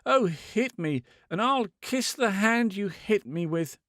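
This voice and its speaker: A lovesick young woman , as a male narrator puts her on, begs through sobs in a lifted, wavering voice. Her pleading is softly ragged and tearful. The sound is close and dry. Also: high-pitched, expressive, takes it slowly, no room sound, voice pushed up. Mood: desperate.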